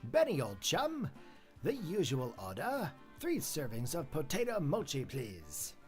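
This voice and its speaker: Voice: mid-range voice, wildly swooping pitch, unhurried, darkish tone, faint music behind. A streamer voicing a jovial male regular in a tea house with a made-up posh, chummy accent.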